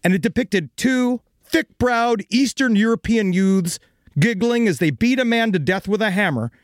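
A man's voice: high-pitched, expressive, normal speed, dry recording, studio quality. A man hosting a comedic true crime podcast, narrating theatrically and laughing often.

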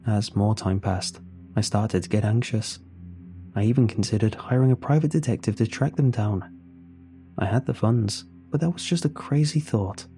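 A man narrating a first-person horror story in a measured, tense way. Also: lowish voice, mellow. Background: faint music.

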